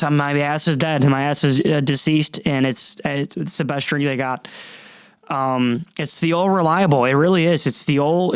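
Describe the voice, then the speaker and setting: A man's voice: a little high, clear, resonant tone, dry recording. A young man hosting a solo comedy podcast, rambling and swearing with stammering restarts. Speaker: podcast host.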